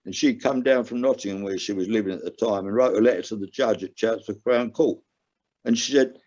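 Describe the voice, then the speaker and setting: This is candid personal storytelling from an older man, a podcast guest in recovery from gambling, whose fairly low, slightly mellow voice moves at a brisk clip. His manner is earnest and emotional, with sharp rises in pitch on the points he stresses. Sound quality is dull and lo-fi.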